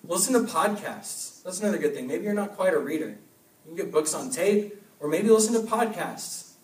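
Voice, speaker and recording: Young man, high voice, urgent youth sermon, echoey church hall, distant mic. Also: moderate pace. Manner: energetic, urging, repeats short commands. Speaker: youth pastor.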